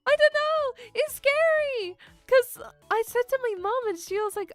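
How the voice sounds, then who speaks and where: A young adult woman streamer telling a story in a casual chat, animated and dramatic, laughing often. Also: very high voice, a little slow, few pauses, faint music behind. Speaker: VTuber streamer.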